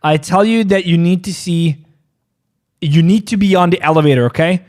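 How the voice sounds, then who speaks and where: A man's voice: high-pitched, moderate pace, a little mellow. A man hosting a casual trading livestream, joking, laughing, and often repeating his phrases while he talks through market analysis. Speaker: crypto trading stream host.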